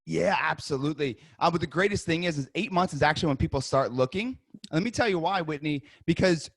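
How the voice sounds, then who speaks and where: A man runs a sales coaching session over a video call, role-playing an agent in an upbeat, conversational way. His voice sits somewhat high for a man. The sound is dry and close. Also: animated, gravelly, dry recording. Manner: upbeat, conversational, rapid restarts. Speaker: real estate sales coach.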